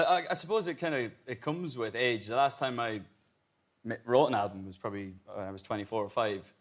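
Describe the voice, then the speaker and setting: A young man with an Irish accent, a musician guest on a chat show, answering in a laid-back, halting way with easy laughs. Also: fairly low pitch, a bit bright. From Ireland.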